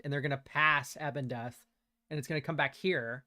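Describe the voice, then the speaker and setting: Young guy streaming a card game, chill and chatty, laughs a lot, kinda high voice, dry sound. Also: quick pace, no room sound. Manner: relaxed and chatty, laughs often, casual slang. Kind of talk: casual game commentary while drafting.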